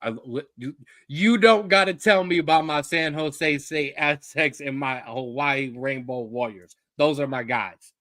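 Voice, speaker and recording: A man's voice: on the high side, measured pace, sharp tone, dry recording, studio quality. A man co-hosting a casual sports chat show, talking in a fired-up, ranting way. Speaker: co-host.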